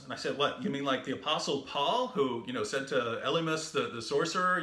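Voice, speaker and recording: A man co-hosting a video, telling an anecdote in a casual way and acting out quoted dialogue with lively emphasis. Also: a little high, fast talker, few pauses, echoey room. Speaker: co-host of a video series.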